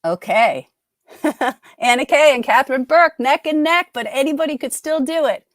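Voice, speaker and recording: Middle-aged lady running a live trivia stream, kinda high voice, bubbly and rambly, no room echo. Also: expressive, normal speed, clean studio sound. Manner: chatty, upbeat, self-interrupting. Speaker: trivia game host. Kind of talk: casual live-stream chat.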